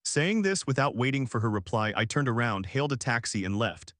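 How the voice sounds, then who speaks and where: A man narrating a storybook with a lively, expressive telling. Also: medium pitch, a little fast, no echo, clean studio sound.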